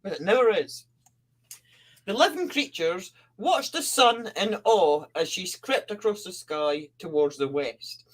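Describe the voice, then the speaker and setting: A woman's voice: medium pitch, expressive, unhurried. A woman co-hosting a podcast, telling a creation myth in a casual, playful way. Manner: playful, breaks into silly character voices. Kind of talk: casual storytelling chat.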